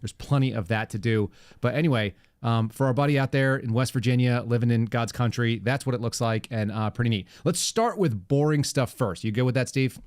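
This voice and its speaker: A man hosting a casual political podcast, talking in a sarcastic, rambling way with quick asides. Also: medium pitch, darkish tone, smooth, no echo, studio quality. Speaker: podcast host.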